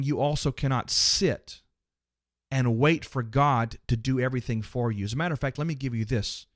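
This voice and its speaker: A man's voice: mid-range voice, no room sound, clean studio sound. A man giving a motivational sermon on a podcast, emphatic, repeating phrases for rhythm and addressing the listeners directly. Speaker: podcast host and preacher.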